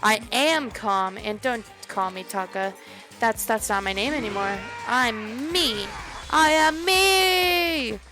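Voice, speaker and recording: A young man who has suddenly turned fierce and swaggering, as a woman plays him in a video game. He is loud and brash, pushing his voice up and out. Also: on the high side, lively intonation, slow pace, over music. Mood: fired-up.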